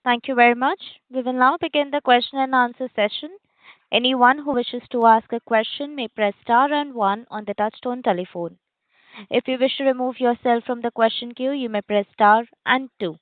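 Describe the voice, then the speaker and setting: A woman's voice: a little high, moderate pace, dry recording. A woman working as a conference call operator, making polite, formal scripted announcements. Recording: dry tinny phone line.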